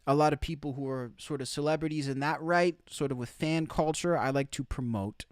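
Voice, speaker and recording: Speaking a little high and fairly quickly, a male streamer delivers opinionated live commentary from somewhere outside the US. He hammers his points with emphasis and repeats his main phrases. His recording is clean, studio-quality and echo-free.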